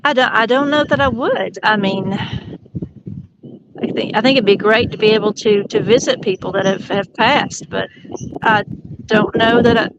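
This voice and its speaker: A woman's voice: on the high side, measured pace, dull audio, background noise. A woman guest on a podcast, answering thoughtfully and hesitantly in casual conversation. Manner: thoughtful, hesitant, weighs her words.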